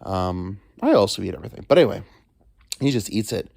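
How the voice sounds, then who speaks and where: A man's voice: on the low side, sing-song, a little fast, gravelly, a little mellow, dry recording, studio quality. A man hosting a solo podcast from home, rambling crudely with joking asides. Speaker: podcast host. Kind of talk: casual solo monologue. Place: alone at home.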